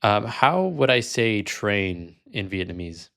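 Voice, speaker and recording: Casual low-voiced male vlogger. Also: very animated, slow, a bit bright. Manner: casual, many fillers, self-correcting. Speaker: vlog host, language learner. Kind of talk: casual chat.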